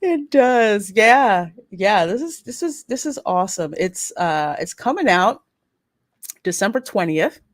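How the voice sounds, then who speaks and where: A woman hosting a casual pop culture podcast, opinionated and animated, often laughing. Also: medium pitch, a little slow, dry recording, studio quality. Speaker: podcast host.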